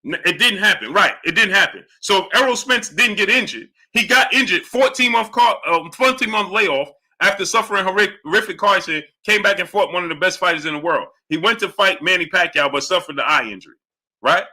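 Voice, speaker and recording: A man's voice: expressive, fairly quick. Argumentative man hosting a live boxing stream. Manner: argumentative, repeatedly demanding answers; greets chatters in a low, quiet aside. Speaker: boxing talk show host. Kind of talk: live-stream chat reading super chats.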